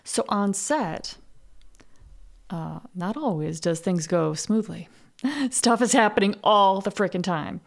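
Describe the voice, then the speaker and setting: A woman's voice: mid-range voice, lively intonation, slow pace, gravelly. A woman hosting a podcast, talking in a candid casual monologue, swearing freely and laughing at herself. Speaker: podcast host.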